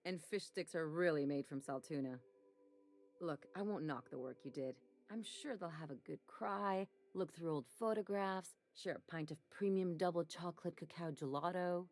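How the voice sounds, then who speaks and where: A woman's voice: sits low, moderate pace, darkish tone. An actress playing a cynical female ship medic in a video game, talking in a dry, sarcastic way. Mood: wry.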